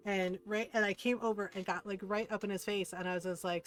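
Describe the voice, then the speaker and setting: A woman's voice: medium pitch, steady tone, a little fast, soft background music. A woman streamer chatting casually over her gameplay, rambling with lots of fillers and giggling as she retells stories.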